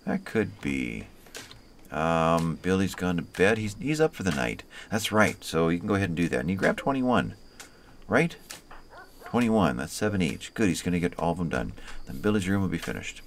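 A man's voice: deep voice, big pitch swings, moderate pace, a little hiss or hum. A man casually commenting on his colony game as he plays, talking to the colonists by name in an easygoing way. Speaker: let's play host.

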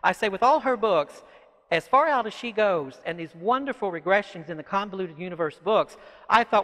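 A man who is an author, giving an animated, rambling talk to a live audience and dropping in lots of "you know" asides. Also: high voice, brisk. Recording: echoey hall.

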